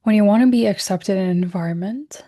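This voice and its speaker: Woman, workshop host, mellow warm tone, gentle, reflective, self-correcting, soft whispered words. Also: medium pitch, fast. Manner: reflective and gentle, often correcting herself mid-sentence. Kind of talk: recorded self-help workshop talk.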